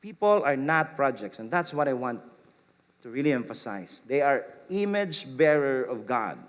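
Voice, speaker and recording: A middle-aged man preaching a sermon as pastor, repeating phrases and acting out gentle replies. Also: medium pitch, big pitch swings, normal speed. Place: church sanctuary. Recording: long hall reverb.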